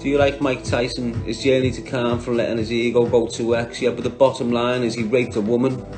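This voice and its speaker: A man's voice: medium pitch, little pitch movement, a little fast, music in the background. A man with a Liverpool Scouse accent, talking on a livestream, bluntly and combatively answering viewers by name. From Liverpool, England.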